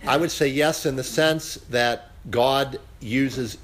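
Halting man leading a Bible class. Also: medium pitch, steady tone, a bit bright. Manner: halting, full of uh fillers. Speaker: Bible study leader. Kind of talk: casual Bible class teaching.

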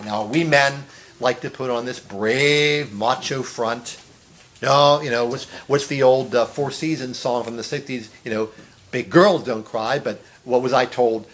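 A man's voice: mid-range voice, steady tone, a little slow, fairly bright tone, slight background noise. A man preaching an earnest sermon, stressing phrases, repeating words and rising to exclamations. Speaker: pastor.

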